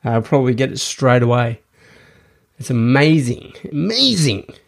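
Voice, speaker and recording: A man's voice: medium pitch, fairly even intonation, moderate pace, a little mellow. Rambling man hosting a podcast. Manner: rambling, many restarts and fillers. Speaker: podcast host. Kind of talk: casual monologue.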